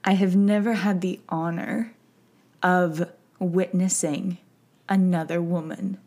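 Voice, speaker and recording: A woman's voice: on the low side, steady tone, a little mellow. A woman hosting a podcast, speaking in a personal, reflective way and getting teary and emotional as she talks. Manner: slow, emotional, tearful at times. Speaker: podcast host.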